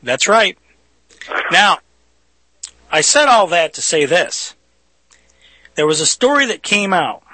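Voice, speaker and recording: A man's voice: sits high, big pitch swings, slow pace, pauses often, pushed and bright, no echo, rough recording. A man hosting a talk radio show, delivering a folksy opinionated monologue and speaking straight to his listeners. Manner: folksy, addresses listeners directly.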